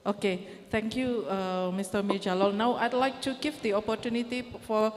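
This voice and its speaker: A woman's voice: mid-range voice, fairly even intonation, moderate pace. A woman moderates a conference session, politely passing the floor to speakers. She hesitates often with small fillers. Her voice has a long reverb over faint background noise.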